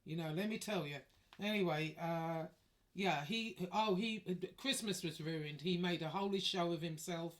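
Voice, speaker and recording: A woman's voice: on the low side, unhurried. A woman telling a personal story in a chatty, wry way, swearing freely. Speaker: vlogger. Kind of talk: casual storytelling.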